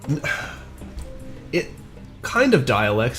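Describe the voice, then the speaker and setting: A man's voice: fairly high pitch, sing-song, slow pace, faint music behind. Chatty young man streaming a game. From Northern United States. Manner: rambling, chatty, reads and answers chat, laughs at himself. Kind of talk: casual gameplay stream chat.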